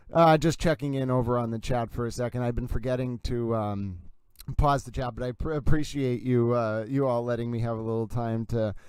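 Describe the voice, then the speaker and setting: Male stream host, animated and chatty, smooth resonant tone. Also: medium pitch, moderate pace, no room sound. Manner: chatty, reads viewer comments aloud; animated and gossipy, laughs while reading. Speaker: livestream host discussing a court ruling. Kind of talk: casual livestream commentary.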